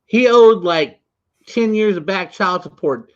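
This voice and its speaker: A man co-hosts a casual podcast, speaking slowly and in a laid-back way. His voice sits a little high, and his recording sounds dull and lo-fi. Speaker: podcast co-host. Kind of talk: casual chat.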